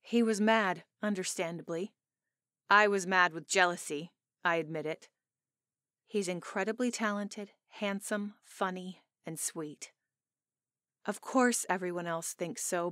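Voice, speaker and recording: A woman narrating a first-person romance audiobook in an expressive, emotional way, on a close studio mic. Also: lowish voice, unhurried, dry recording.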